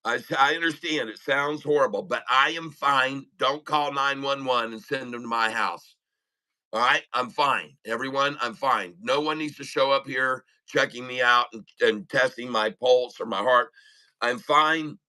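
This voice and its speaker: A man's voice: medium pitch, measured pace, sharp tone, poor audio. A man with a lisp, chatting casually and joking on a live trading stream, laughing often. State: lisping. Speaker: day trader livestreaming.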